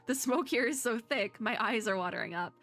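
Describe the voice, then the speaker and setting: A woman's voice: on the high side, animated, brisk, a bit bright. A woman reading as a matter-of-fact young fighter.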